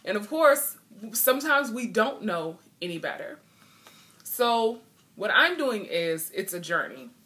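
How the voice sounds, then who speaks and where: Unhurried and sing-song, with a mid-range voice and sharp tone, a video blogger speaks frankly from the heart. She sounds a little emotional and frustrated as she talks.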